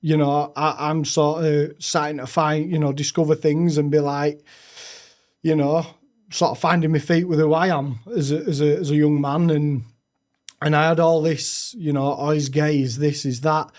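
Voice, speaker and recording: Man, young adult, frank, halting restarts, slightly high voice. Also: little pitch movement, a little mellow. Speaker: podcast guest. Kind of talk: candid personal storytelling.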